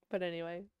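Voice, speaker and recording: A young woman casually chatting with her livestream chat as an esports caster and analyst, bubbly and quick to laugh. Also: fairly low pitch, darkish tone, no room sound, lo-fi sound.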